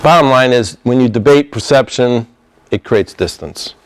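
A man's voice: mid-range voice, normal speed, slight background noise. A middle-aged man, a therapist, giving an informal talk on communication and acting out bits of dialogue with laughs. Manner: conversational, acts out dialogue with laughs.

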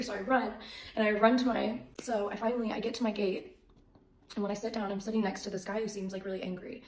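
A woman giving a casual faith testimony, animated and acting out the voices in her story. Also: medium pitch, fast. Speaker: faith vlogger. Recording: echoey room.

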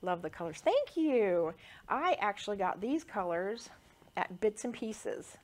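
A woman's voice: mid-range voice, lively intonation, measured pace, darkish tone. A woman quilter chatting casually through a sewing demonstration, rambling with lots of fillers.

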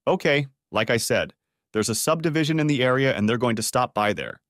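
A man voicing a calm, official police dispatcher on a phone call in an audiobook story. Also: mid-range voice, no echo, clean studio sound. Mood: procedural. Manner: measured, official. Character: calm, procedural adult male police dispatcher.

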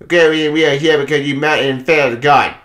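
A man giving a casual comic book review, excitable, swearing a lot and laughing often. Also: a little high, a little fast, roomy sound.

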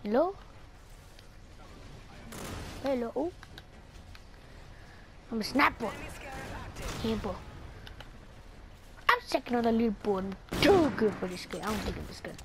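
A young woman gamer gives playful, silly commentary on a shooter, squealing and singing little nonsense lines over noisy game audio. Her voice is high, animated, and gravelly, a little slow, with long pauses.

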